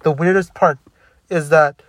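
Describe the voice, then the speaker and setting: Young man venting about his past, bitter and profane, rambling, somewhat high pitch, dry recording. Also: steady tone, measured pace, no room sound. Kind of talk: angry personal storytelling monologue.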